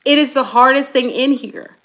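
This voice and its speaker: A middle-aged woman hosting a casual talk stream, speaking in a chatty, animated way and calling her viewers y'all. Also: high-pitched, normal speed, muffled recording. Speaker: YouTube spiritual talk host.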